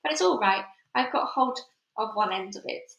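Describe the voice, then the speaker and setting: A woman voicing a calm, loving elderly grandmother, heard in an echoey room. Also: fairly high pitch, moderate pace, creaky. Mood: affectionate. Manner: warm, calm. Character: loving, cool-headed old grandmother.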